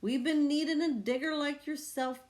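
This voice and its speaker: Woman voicing a gruff male pirate captain, loud, hearty, bellowing, read-aloud picture book. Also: high voice, fairly even intonation, moderate pace, voice pushed up, close to an everyday voice.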